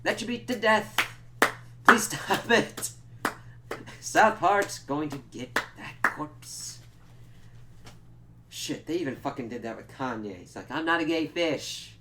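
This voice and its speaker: A man casually recapping and reviewing a TV episode, swearing constantly and jumping into quick impressions of the characters. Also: fairly high pitch, background noise. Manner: animated, swears a lot, mimics characters mid-recap.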